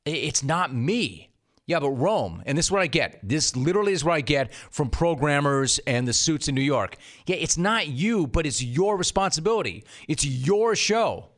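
Ranting middle-aged sports radio host. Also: male voice, a little high, expressive, normal speed. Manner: loud, ranting, storytelling with acted quotes. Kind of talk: animated sports radio monologue and interview.

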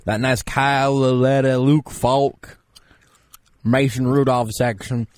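A man's voice: mid-range voice, fairly even intonation, takes it slowly, darkish tone, dry recording, close to an everyday voice. A radio host doing a smug, self-proclaimed football expert, a man full of himself who rambles on with boastful certainty. His voice sits mid-range and sounds close and dry, with no room around it. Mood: pompous. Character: pompous self-proclaimed male draft expert guest. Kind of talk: comedic radio bit as a fake draft expert. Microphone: studio mic.

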